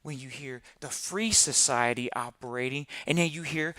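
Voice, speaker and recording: A man hosting a live podcast in casual talk, animated and repeating phrases for emphasis. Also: mid-range voice, moderate pace, hardly any pauses, no room sound, clean studio sound. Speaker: podcast host.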